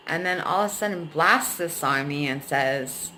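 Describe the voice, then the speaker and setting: A woman's voice: sits low, normal speed, sharp tone, slight background noise, rough recording. Frank, emotional woman venting to camera. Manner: frank, emotional, swears freely. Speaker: vlogger. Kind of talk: candid personal venting.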